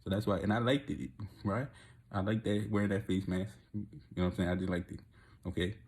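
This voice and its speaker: A man telling a rambling, profane story in a casual monologue, often laughing and getting loud and excited. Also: low voice, fairly quick. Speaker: vlogger.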